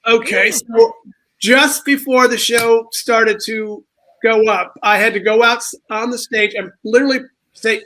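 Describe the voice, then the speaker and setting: A man's voice: very high voice, unhurried, sharp tone, rough recording. A man who produces shows, telling a behind-the-scenes story on a video panel. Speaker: show producer. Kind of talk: anecdotal panel chat.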